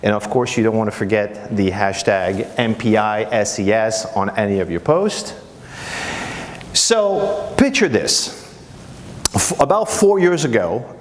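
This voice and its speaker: A man's voice: mid-range voice, a little hiss or hum. French-accented man presenting in a hall. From France. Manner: humorous storytelling, animated quotes. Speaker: conference speaker. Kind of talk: live presentation. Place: conference breakout room. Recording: long hall reverb.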